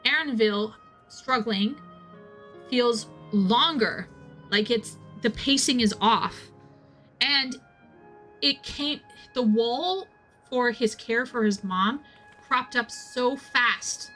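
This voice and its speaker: A young woman with a bright, forceful voice tells a rambling story between thoughts on a game, often stopping short and restarting her sentences. Faint music plays softly behind her as she talks. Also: on the high side, takes it slowly. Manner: rambling, self-interrupting, animated storyteller. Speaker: streamer playing a game. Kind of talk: casual storytelling chat.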